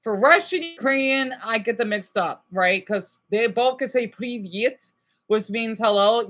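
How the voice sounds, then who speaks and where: A woman's voice: medium pitch, a bit bright. A woman casually teaching a pretend class about how languages compare, eager and chatty, often restarting and hedging.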